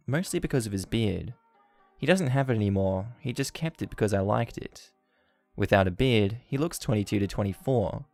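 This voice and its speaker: A man's voice: fairly low pitch, gravelly. A man hosting a channel, reading online stories aloud and adding amused comments between them. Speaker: story-channel host.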